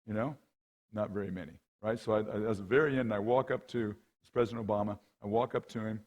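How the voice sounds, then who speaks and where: The recording is muffled as a middle-aged man, a rowing coach invited to speak at a men's conference, talks at a quick pace in a lowish voice. His storytelling is lively and conversational; he mimics the people in his anecdotes and frequently checks in with "right?" or "okay?".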